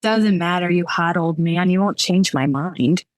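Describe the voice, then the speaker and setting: A woman voicing a very drunk, loud young woman who talks in a wobbly, sing-song way during a romance novel reading. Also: lowish voice, unhurried, no room sound, clean studio sound, lightly acted. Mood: drunk giddy.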